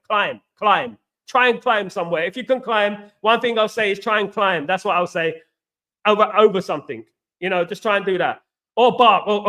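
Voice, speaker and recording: The man's voice is high and a bit bright as he hosts a casual football live stream for his channel, reading comments, chatting with viewers, and rambling repetitively.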